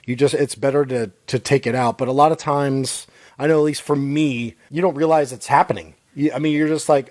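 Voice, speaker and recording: A man's voice: medium pitch, fairly even intonation, brisk, darkish tone, dry recording. Earnest rambling man on a podcast, dry sound. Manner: earnest, rambling, frequent "like" and restarts. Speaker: podcast co-host. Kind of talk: casual chat.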